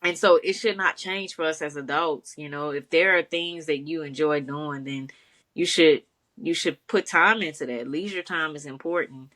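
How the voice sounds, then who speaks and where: A woman's voice: sits low, moderate pace, fairly bright tone. A woman co-hosting a podcast in easygoing casual chat, encouraging and laughing often. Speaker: podcast co-host.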